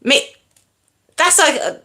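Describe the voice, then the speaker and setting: A woman with a sharp tone speaks slowly while hosting a casual livestream, chatting with her viewers. She apologises often and sometimes drops to a whisper.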